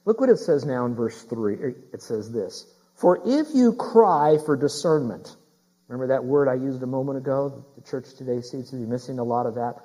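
Delivering a sermon, this middle-aged pastor speaks with emphasis, repeats key phrases and asks the congregation direct questions. His medium-pitched, dark voice runs fairly quickly with few pauses, captured in a rough recording.

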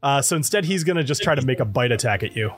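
A man running a tabletop game as game master, relaxed, laughing often and searching for words. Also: mid-range voice, quick pace.

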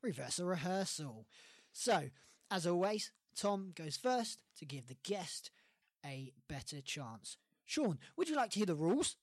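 A man's voice: high voice, big pitch swings, a little slow, dry recording, studio quality. A man with a West of England accent hosting a casual podcast game, giggling often. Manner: giggly, breaks into laughing fits. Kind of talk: casual game show chat.

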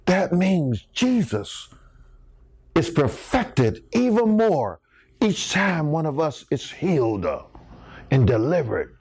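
Man, preacher, sermon, sweeping animated pitch, slow deliberate delivery. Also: husky, no echo. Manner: animated storytelling with call-and-response exclamations.

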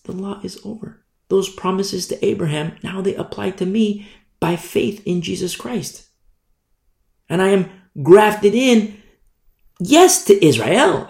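A man preaching a Bible study, emphatic, often asking "you see?" and swinging from loud bursts to quiet asides. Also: high voice, gravelly. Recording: roomy echo.

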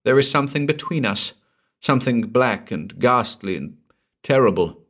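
A man's voice: mid-range voice, lively intonation, moderate pace, a bit bright, voice pushed up. A man voicing a frightened young married woman who speaks in a strained, anxious voice.

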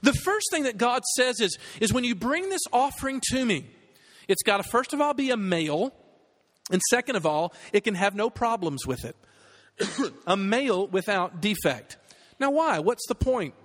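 A man's voice: high-pitched, expressive, normal speed, fairly bright tone, in a large hall. A man preaching a sermon, reading scripture and then teaching with earnest emphasis and rhetorical questions. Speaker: pastor.

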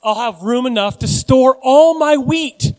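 A man voicing a smug, boastful rich farmer who talks loudly to himself. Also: very high voice, unhurried, big-room sound, pitched above the performer's own voice. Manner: self-satisfied, loud, talks to himself.

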